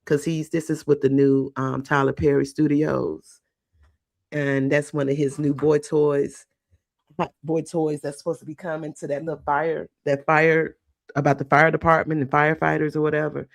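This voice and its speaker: A woman's voice: deep voice, little pitch movement, moderate pace, vocal fry, dry recording, clean studio sound. A woman hosting casual entertainment commentary, chatty and rambling as she talks straight to her viewers. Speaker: host.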